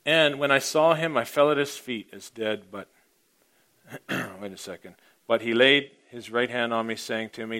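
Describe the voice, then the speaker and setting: A man's voice: mid-range voice, measured pace, pauses often. Rambling man preaching a sermon. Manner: rambling, informal, often clears throat, swings between loud and quiet.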